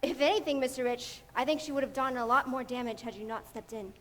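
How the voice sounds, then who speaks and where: A woman's voice: sits high, quick pace, fairly bright tone, big-room sound. A woman playing an earnest, analytical young woman. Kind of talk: live stage musical acting.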